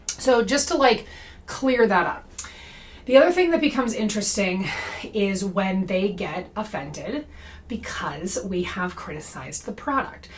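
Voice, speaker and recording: A young adult woman talks straight to her audience in a casual monologue. Her voice sits at a middle pitch. She keeps it conversational and tags her points with "okay?" and "right?". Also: expressive, unhurried. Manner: conversational, frequent "okay?" and "right?" check-ins. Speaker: comedy creator and anti-MLM commentator.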